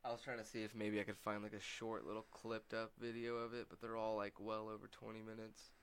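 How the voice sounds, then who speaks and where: A man's voice: fairly low pitch, completely flat delivery, a little fast, clear, resonant tone. A man with a Texan accent co-hosting a podcast in casual, laughing chat, swearing freely. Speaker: podcast co-host.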